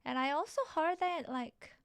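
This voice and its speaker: A woman hosting a piano livestream, chatting softly and warmly with a guest, often filling in with little laughs and repeated yeahs. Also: high voice, no echo, clean studio sound. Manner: slow, soft-spoken, with frequent small laughs. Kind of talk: casual chat.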